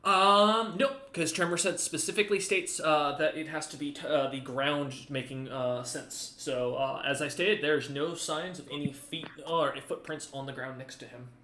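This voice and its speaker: Male tabletop game master, a touch high, loose and rambling, recorded in a roomy space. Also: fairly even intonation, moderate pace, few pauses, pushed and bright, a little hiss or hum. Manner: rambling, with many fillers and restarts.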